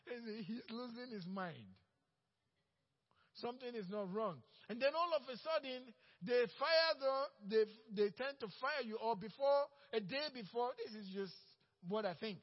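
A high-voiced pastor preaches a sermon at a moderate pace in a church sanctuary, where a long hall reverb rings out. He acts out coworkers, moving between bold, loud declarations and quiet, hushed asides. The audio is muffled and a bit lo-fi.

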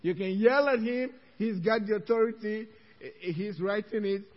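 A male pastor preaching a sermon, telling a story with animated delivery and frequent laughter. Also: high-pitched, moderate pace, big-room sound, highs cut off.

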